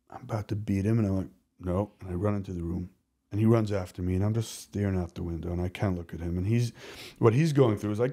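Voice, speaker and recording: A man speaking as a podcast guest, telling candid personal stories in an animated, rambling way, often restarting his sentences. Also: on the low side. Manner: animated, rambling, self-interrupting. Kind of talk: candid conversational storytelling.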